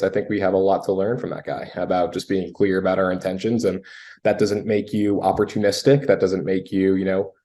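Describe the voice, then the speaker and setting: A young man from the United States, a sales guest telling a story in a relaxed, casual interview manner with frequent fillers. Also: fairly low pitch.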